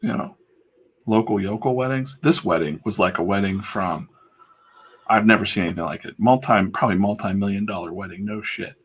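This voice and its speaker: A man's voice: on the low side, fairly quick, husky. A man who livestreams himself drawing comics, telling a rambling, casual story full of fillers and asides. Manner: chatty, digressive, full of fillers.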